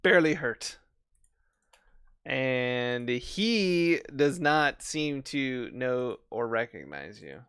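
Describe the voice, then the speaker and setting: A man's voice: mid-range voice, animated, drawn-out words, hardly any pauses, a bit bright, clean tone, dry recording, clean studio sound. A man narrating as game master of a tabletop game, chatty, laughing often and stumbling over repeated words.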